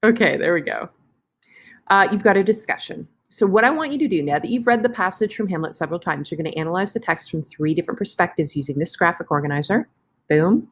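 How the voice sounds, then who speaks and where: A woman teacher walks students through an online lesson while recording her screen. Her voice sits a little low, and she keeps it casual and chatty, breaking off to fix a slip as she clicks. It sounds like a computer mic at a desk. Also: expressive, fast.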